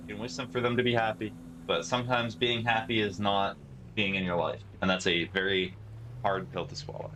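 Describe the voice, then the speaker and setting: A man with a lowish voice speaks fairly quickly on his live stream, playing a driving game and casually answering his audience's chat messages, with steady hum and noise in the background.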